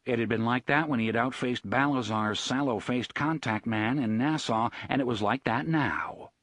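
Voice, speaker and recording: A man narrating an audiobook in an expressive reading style. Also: medium pitch, normal speed, dry recording. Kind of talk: scripted narration.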